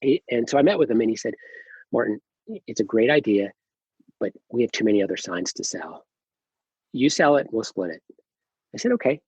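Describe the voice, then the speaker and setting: A middle-aged man, a company founder, telling his story as a podcast guest, animated, acting out quoted dialogue, with many fillers and restarts. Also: mid-range voice, brisk, long pauses, husky, no echo, rough recording. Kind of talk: casual storytelling interview.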